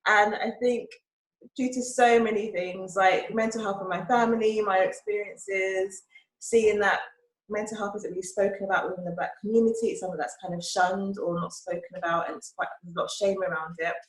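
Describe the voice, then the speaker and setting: A woman speaks as a guest on a podcast, relaxed and chatty, laughing easily between thoughts. Her voice sits at a middling pitch, and the recording has a noticeably roomy echo around it. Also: brisk. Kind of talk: casual interview talk.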